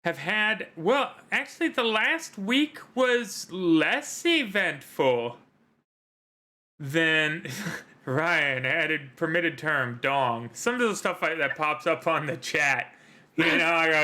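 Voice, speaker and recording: A man's voice: on the high side, expressive, takes it slowly, sharp tone. A man hosting a live tabletop role-playing stream as game master, joking and rambling with fillers.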